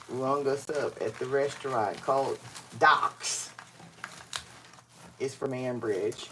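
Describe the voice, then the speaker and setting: A woman from Aliquippa, Pennsylvania, with a very deep voice hosts a casual live stream while she crafts, telling folksy stories. She's a chatty storyteller who acts out other people's lines and calls listeners honey. A little hiss or hum is audible.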